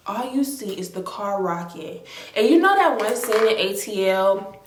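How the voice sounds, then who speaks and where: A woman telling a storytime in an animated, slangy, exaggerating way. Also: medium pitch, normal speed, slight background noise. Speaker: storytime vlogger. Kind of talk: casual storytelling. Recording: echoey room.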